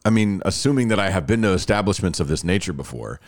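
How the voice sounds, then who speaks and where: A man's voice: low-pitched, quick pace. A man hosting a podcast who chats casually, tells stories and reads ads with gushing enthusiasm. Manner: excitable, gushing, chatty storyteller. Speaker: podcast host. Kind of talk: casual chat and ad read.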